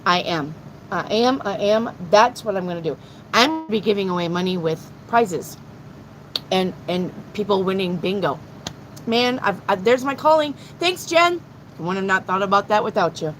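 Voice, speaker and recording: A middle-aged woman reading tarot on a live stream, blunt and excitable, swearing freely as she talks to her chat. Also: mid-range voice, normal speed, slight background noise, rough recording. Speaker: tarot reader.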